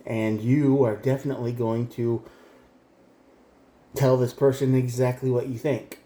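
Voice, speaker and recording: A man's voice: medium pitch, flat delivery, a little slow, mellow. A man giving a tarot reading straight to the viewer, blunt and emphatic. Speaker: tarot reader. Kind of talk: direct-to-camera tarot reading. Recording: echoey room.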